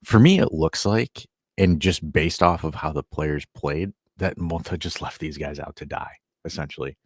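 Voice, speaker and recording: A man hosting a casual sports podcast, animated and sarcastic, rambling with lots of "like". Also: extremely low pitch, normal speed, husky, no room sound, clean studio sound. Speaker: podcast host.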